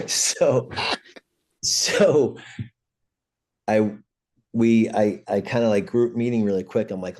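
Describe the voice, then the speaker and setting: A middle-aged man from New York City, a punk singer, telling an animated backstage story with swearing and acted-out voices. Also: lowish voice, slow pace, pauses often. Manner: animated anecdotes, acts out quoted voices, swears freely. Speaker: guest, punk band vocalist. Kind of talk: casual storytelling.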